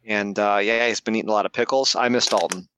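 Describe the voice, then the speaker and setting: A man's voice: on the low side, fairly even intonation, fast talker, fairly bright tone, slight background noise, poor audio. A man chatting as a podcast guest, telling rambling stories and laughing as he talks. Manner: rambling storyteller, laughs mid-sentence. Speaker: podcast guest, pipe band manager. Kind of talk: casual chat.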